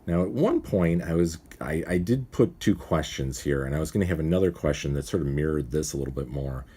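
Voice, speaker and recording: Male cartoonist with a very low, dark, husky voice who rambles and self-corrects as he explains his writing. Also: lively intonation, fairly quick. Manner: rambling, thinking aloud, often correcting himself. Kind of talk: casual walkthrough of his writing process.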